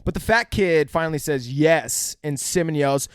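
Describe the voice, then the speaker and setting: A man with a slightly high voice talks through a film scene in loose, profane podcast chat. He laughs often and jumps into quoted lines. The sound is close and dry. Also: normal speed, clean tone, no room sound. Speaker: podcast co-host. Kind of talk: casual movie review chat.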